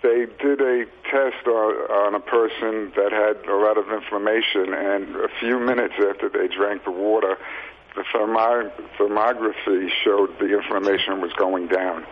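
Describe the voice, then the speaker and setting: Guy calling into a radio show, tinny phone line, a bit of hiss, lowish voice, kinda hesitant. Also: fairly even intonation, moderate pace. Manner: hesitant, searches for words. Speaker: caller. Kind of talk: phone call-in question.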